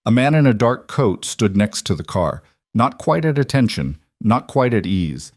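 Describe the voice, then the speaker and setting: A man narrating a romance story in a calm, even, scripted storytelling manner. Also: on the low side, normal speed, no echo, clean studio sound.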